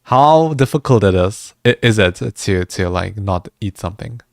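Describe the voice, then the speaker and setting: Low-pitched guy rambling to his stream chat, laughs a lot, trips over his words, no room echo. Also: animated, normal speed, creaky, clean studio sound. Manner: chatty, laughs often, stammers and restarts words. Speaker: music streamer. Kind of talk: casual livestream chat with viewers.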